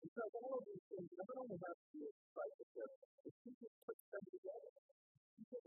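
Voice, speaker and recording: A man's voice: very high voice, wildly swooping pitch, brisk, no echo, phone-quality sound, soft background music. An older man preaching, telling his testimony earnestly and building to emphatic declarations. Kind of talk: testimony sermon.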